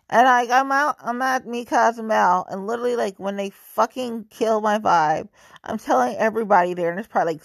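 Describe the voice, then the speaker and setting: A woman's voice: on the high side, no echo, studio quality. A woman venting in a profane, exasperated monologue.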